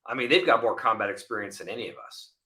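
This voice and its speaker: A man in his forties, a former military officer guest on a podcast, chatting casually and telling animated stories. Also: lowish voice, quick pace. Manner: animated storyteller, acts out voices in anecdotes. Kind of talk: casual interview chat.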